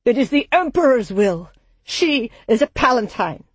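A woman's voice: fairly high pitch, very animated, moderate pace, husky, dry recording, voice pushed up. A woman voicing a grieving, fanatical villager. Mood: grim. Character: grieving, fanatical village man, loud and strained.

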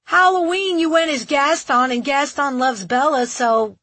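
A woman's voice: expressive, measured pace, dry recording. A woman doing a sulky little boy. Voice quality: high childlike voice. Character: young boy, petulant and sulky. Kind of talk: audiobook character voice.

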